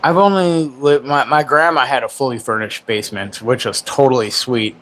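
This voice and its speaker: A man's voice: medium pitch, normal speed, a bit bright, a little hiss or hum. A man in his forties hosting a casual livestream chat from home, joking and sarcastic, laughing often. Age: 40s. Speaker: livestream host. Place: home, in Florida.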